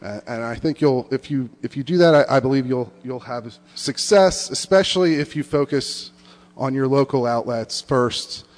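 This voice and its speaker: A man with a mid-pitched voice gives an earnest speech of advice to an audience. He halts and restarts his phrases often. A long hall reverb trails his words. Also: darkish tone. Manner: earnest, halting, with many restarts. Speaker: conference speaker.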